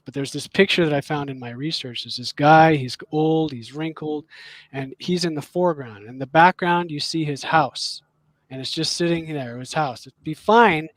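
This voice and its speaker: A man's voice: fairly high pitch, dry recording, rough recording. Earnest man with a dry sound. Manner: earnest, explains with pauses and restarts. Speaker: game designer on a livestream panel. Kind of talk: casual livestream chat.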